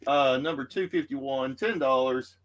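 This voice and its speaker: A man's voice: mid-range voice, measured pace. A man with a Southern US accent hosting a live comic book auction, easygoing and rambling with many fillers. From Texas. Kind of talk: live-stream sales patter.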